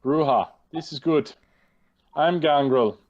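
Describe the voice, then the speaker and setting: A man's voice: a little high, slow, a little mellow, dull audio, a little hiss or hum. A man voicing a towering, blunt female warrior sheriff in a tabletop game. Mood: gruff. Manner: terse, gruff.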